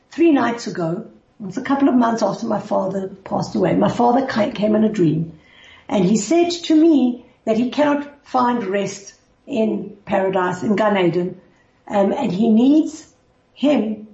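A woman teaching a Bible class, telling a story in an animated way and acting out the characters' lines. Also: medium pitch. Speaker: Torah teacher. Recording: roomy, distant, dull recording.

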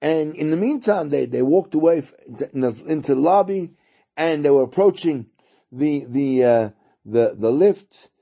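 A man telling a story during a lesson, halting and repeating words as he goes. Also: a little high, lively intonation, gravelly, dark tone, husky. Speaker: teacher.

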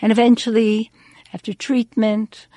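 A woman hosting a radio talk show, telling a story slowly and deliberately with dramatic pauses. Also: on the high side, little pitch movement, mellow, dry recording.

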